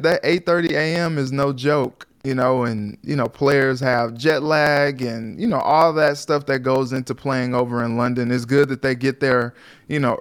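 A man co-hosting a sports talk show, talking in a relaxed, conversational way with lots of filler phrases. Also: mid-range voice, clean tone, dry recording. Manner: relaxed and conversational, frequent "you know" fillers.

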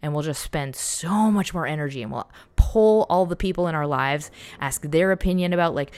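A woman's voice: low-pitched, moderate pace, few pauses, a little mellow, clear, resonant tone. A woman giving a casual self-help talk on journaling, reflective and conversational, often restarting her sentences. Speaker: journaling guide.

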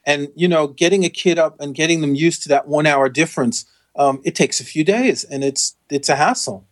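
Speaking a little high and at normal speed, a man co-hosting a laid-back chat lays out facts patiently. There's a wry humor to it, and he often restarts and leans on fillers.

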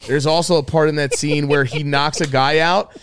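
A man's voice: on the high side, normal speed, clean tone. A man from New York co-hosting a podcast, telling rambling, profane stories in casual chat. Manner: profane, rambling, animated storytelling. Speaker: podcast co-host.

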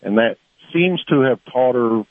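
A man's voice: mid-range voice, lively intonation, unhurried, dry recording. Male caller, phone line sound, hesitant, earnest, dry. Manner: earnest, hesitant, many fillers. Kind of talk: phone-in radio call.

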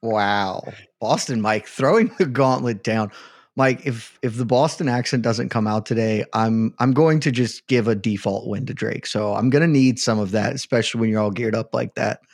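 A man hosting a sports panel show, introducing guests in a playful, excited announcer style. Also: medium pitch, moderate pace, dry recording, clean studio sound. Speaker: host.

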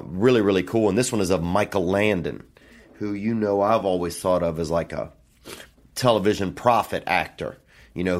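Alone in a hotel room, this fairly low-pitched man hosts his podcast by wandering from thought to thought, leaning on fillers and tossing in casual profanity.

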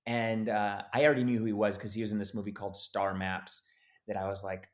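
Lively male actor telling a story. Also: fairly low pitch, a little fast. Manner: animated, acts out quoted voices. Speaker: actor guest. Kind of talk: casual storytelling interview.

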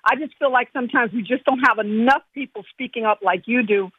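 A woman's voice: fairly high pitch, fast talker, husky, no echo. A woman calling in to a radio show, earnestly praising the host. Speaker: radio caller. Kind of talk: phone-in call. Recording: tinny phone line.

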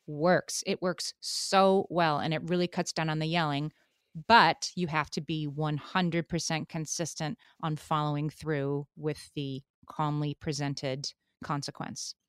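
A middle-aged woman telling parenting stories in a relaxed way, laughing easily. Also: low voice, measured pace, clear, resonant tone, no echo, clean studio sound. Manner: warm storytelling, laughs easily. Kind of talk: casual chat about parenting.

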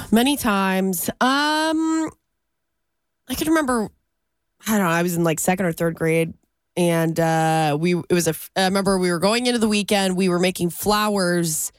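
A woman co-hosting a radio show, telling a story in casual chat and acting out the quotes in a higher voice. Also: normal speed, no echo, clean studio sound. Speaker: radio co-host.

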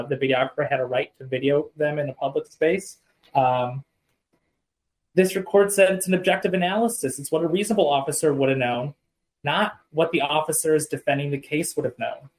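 A man's voice: fairly high pitch, poor audio. A man co-hosting a podcast, explaining court cases in a casual, explanatory way with frequent ums and self-corrections. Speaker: podcast co-host discussing legal cases. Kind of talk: casual legal discussion.

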